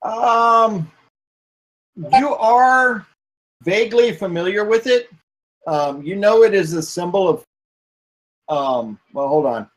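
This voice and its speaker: A man's voice: high-pitched, expressive, slow, pauses often, a bit bright, poor audio. A man narrating as game master in a hesitant way, with many fillers.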